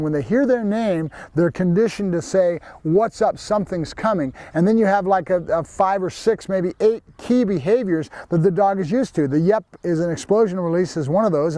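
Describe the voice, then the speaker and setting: A man's voice: sits high, darkish tone, dry recording. A man, a professional dog trainer, explaining his training methods plainly and directly to viewers. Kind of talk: instructional training video.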